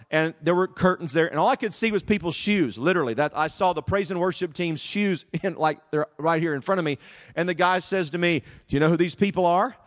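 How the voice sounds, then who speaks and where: A middle-aged man with a Southern US accent, preaching as a guest speaker in humorous, animated storytelling. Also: a little high. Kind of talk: sermon. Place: church service.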